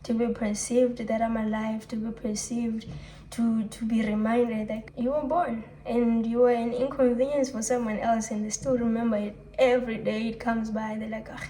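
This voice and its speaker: A woman's voice: on the high side, flat delivery, normal speed, warm tone, slight background noise, poor audio. A young woman talking candidly and reflectively to camera in a rambling, confessional monologue. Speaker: vlogger.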